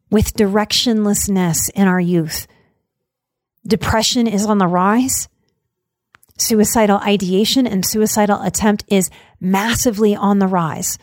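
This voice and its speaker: A woman hosts her show and talks to her listeners in an earnest, heartfelt way. Her voice sits at a middle pitch. It is recorded dry and close, with no room sound. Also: a little mellow, no echo. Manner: earnest, emotional, choked up at times. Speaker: podcast host. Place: Denver.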